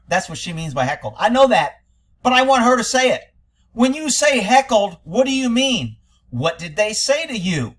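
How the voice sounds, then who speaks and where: Scornful, blunt man with a high voice. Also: sing-song, normal speed. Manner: profane. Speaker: commentator reacting to interview audio. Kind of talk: critical commentary.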